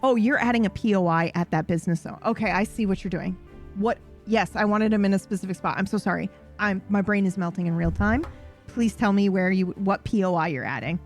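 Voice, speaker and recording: Woman stream host, casual and rambling, gravelly fry, faint music under her. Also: mid-range voice, fairly quick. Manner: rambling, self-correcting, loose and profane. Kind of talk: casual live-stream chat.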